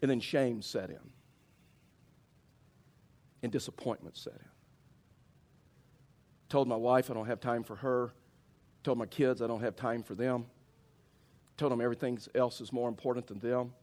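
A middle-aged man, a pastor preaching a sermon as a lively storyteller who acts out his own reactions. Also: medium pitch, moderate pace, long pauses. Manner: animated storyteller, acts out his own outbursts, many restarts.

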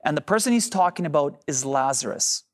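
A man's voice: on the high side, expressive, fairly quick. A man preaching a sermon as pastor, addressing the congregation directly and drawing out key phrases for emphasis.

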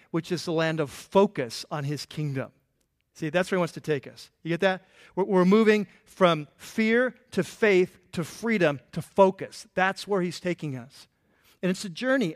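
A man preaching a sermon as a pastor, animated and playful, acting out the voices in the stories he tells. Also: high voice. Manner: animated, playful, acts out quotes.

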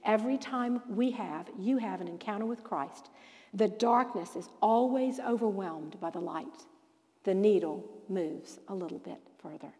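A woman teaching a Bible lesson to a live audience in a lively preaching style, telling stories and acting out the dialogue. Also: medium pitch, unhurried, big-room sound. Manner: animated storyteller who acts out quoted dialogue.

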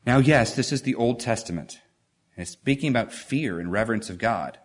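Man, preacher, emphatic sermon, rising rhetorical questions, mid-pitched voice. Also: animated, a little fast. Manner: emphatic, rhetorical questions, reads scripture with stretched stresses.

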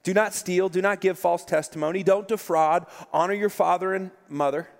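A calm, measured teacher, as a preacher acts him out, talking kindly to a youth. He speaks a little softer and lower. A long hall reverb trails each phrase.

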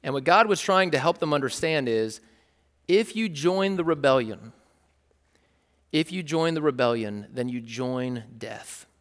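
A man's voice: mid-range voice, lively intonation, a little slow. A man preaching a sermon as a pastor, talking in a conversational, explanatory way with frequent "like" and restarts. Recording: long hall reverb.

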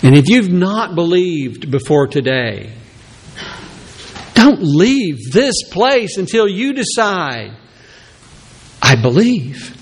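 Male pastor, high and lively voice, slow deliberate sermon delivery. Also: husky. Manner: animated preaching, acts out Peter's reluctant excuses in a high voice.

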